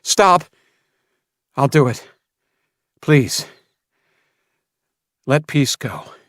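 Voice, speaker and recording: A man's voice: mid-range voice, expressive, extremely slow, fairly bright tone, no echo, studio quality, voice pushed up. A man voicing a defiant young boy who pleads desperately to protect his friends, in an audiobook. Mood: pleading.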